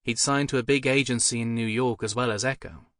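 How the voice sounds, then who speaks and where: A man narrating an audiobook in a measured, somber way, recorded close in a studio. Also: mid-range voice, steady tone, fairly bright tone, dry recording. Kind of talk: scripted narration.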